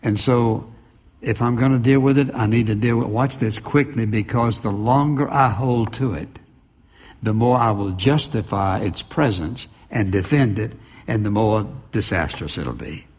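A man's voice: lowish voice, unhurried, a little mellow. Emphatic man preaching a sermon. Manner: emphatic preaching with rhetorical questions and repetition. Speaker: pastor.

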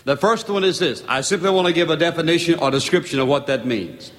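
A man preaching a sermon in a church, reading scripture slowly and with weight, then teaching in an emphatic, deliberate way. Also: on the high side, fairly bright tone. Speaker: pastor. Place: church sanctuary. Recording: long reverb of a church hall.

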